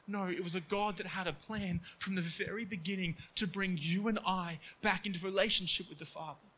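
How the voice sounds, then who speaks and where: A man preaching a sermon earnestly, acting out quoted voices in hushed tones. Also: sits high, steady tone, fairly quick, poor audio.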